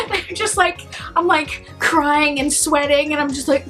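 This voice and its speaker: A young woman tells her own story in a relaxed, casual vlog. Her voice sits high, and she talks in an animated, chatty way with plenty of "like". Soft music plays quietly underneath. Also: measured pace. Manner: chatty, animated, heavy use of "like". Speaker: vlogger.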